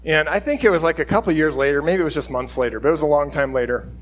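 Chatty pastor with a higher voice. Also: male voice, racing. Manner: conversational, rambling, acts out quoted speech. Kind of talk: informal sermon teaching.

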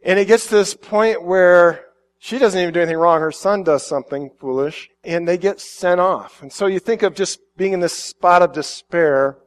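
A middle-aged man with a fairly high voice, preaching a sermon. He reads a passage and then reflects on it in an easy, conversational manner, often restarting phrases and acting out little quotes. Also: normal speed. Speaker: pastor.

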